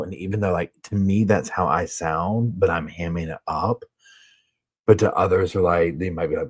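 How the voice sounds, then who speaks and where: A man's voice: low voice, a little fast, breathy edge. A man from the American South with a Southern accent, hosting a casual live chat and answering viewer comments. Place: home, on a sofa.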